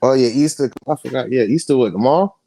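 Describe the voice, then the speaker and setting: A man's voice: mid-range voice, vocal fry, warm tone, dry recording. A man hosting a casual livestream, talking in a loose, slangy way and handing the floor to his guest. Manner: loose, slangy, quick to hand over the floor. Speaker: livestream host.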